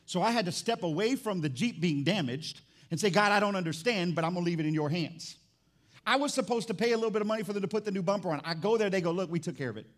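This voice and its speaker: A man preaching a sermon as pastor in a church, animated and jokey, swinging from loud excitement to quiet emphasis. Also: high-pitched, quick pace. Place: church sanctuary.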